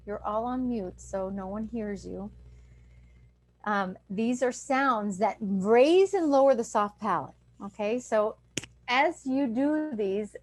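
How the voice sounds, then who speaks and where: A woman's voice: mid-range voice, a little mellow. Woman dentist, lecturing over a video call; plain, explanatory delivery with demonstrated throat sounds. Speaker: dentist teaching a breathing clinic. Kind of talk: online lecture.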